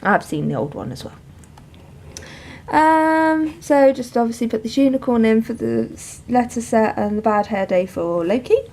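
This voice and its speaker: A woman's voice: a little high, lively intonation, moderate pace, darkish tone. A woman chatting casually to camera about her week, with frequent laughs and ums. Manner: chatty, giggly, many ums. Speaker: journal vlogger.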